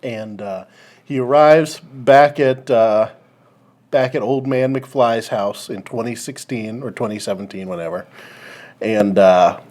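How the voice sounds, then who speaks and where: A man co-hosting a comedy podcast, rambling as he pitches a movie plot and acts out its lines. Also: darkish tone. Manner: rambling, acts out lines in quick put-on voices. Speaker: podcast co-host. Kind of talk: casual comedy chat.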